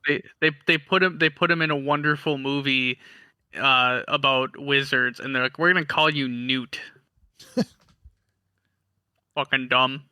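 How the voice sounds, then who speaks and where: A man's voice: medium pitch, little pitch movement, measured pace, pauses often, bright, forceful tone, clear, resonant tone, dry recording. A man co-hosting a podcast, chatting casually, swearing and laughing often while mimicking other people. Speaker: podcast co-host. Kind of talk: casual chat.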